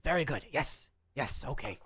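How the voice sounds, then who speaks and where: A man voicing a small, gravelly male gnome official who is eager and a little pompous, with a habit of saying "yes, yes.". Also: mid-range voice, animated, moderate pace, fairly bright tone. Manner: fussy, repeats "yes, yes".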